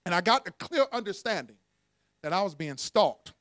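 A man preaching, leading the congregation to repeat lines after him. His voice sits high and he tells stories with animated energy and laughter. The sound is dry and close. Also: moderate pace, no echo. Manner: call-and-response preaching, animated storytelling with laughs. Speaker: pastor. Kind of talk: sermon.

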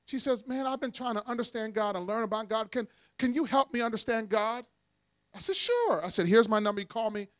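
A man preaching, leading the congregation to repeat lines after him. His voice sits high and he tells stories with animated energy and laughter. The sound is dry and close. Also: smooth, no echo. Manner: call-and-response preaching, animated storytelling with laughs. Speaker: pastor. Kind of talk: sermon.

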